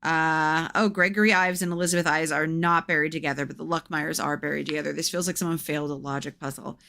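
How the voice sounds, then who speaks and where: Woman streamer, slightly low voice, reads aloud with chatty wry asides. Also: steady tone, fast, vocal fry, sharp tone. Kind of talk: reading a gamebook aloud with commentary.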